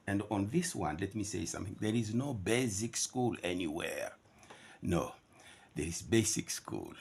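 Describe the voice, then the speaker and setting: A man's voice: lowish voice, sing-song, measured pace, gravelly, a little mellow, slightly rough. A man teaching English pronunciation, emphatically contrasting right and wrong ways to say words. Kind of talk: pronunciation lesson.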